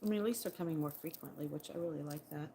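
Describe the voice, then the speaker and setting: A woman's voice: low-pitched, racing, mellow, a little hiss or hum. Chatty woman hosting a casual livestream. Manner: chatty and playful, thanking viewers. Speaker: livestream host.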